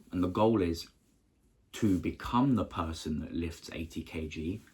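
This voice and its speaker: A young man talks earnestly to his viewers, very low in pitch with a husky edge. He speaks in short, halting phrases and often restarts his sentences. The delivery is casual and encouraging. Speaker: motivational vlogger. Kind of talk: casual motivational talk to camera.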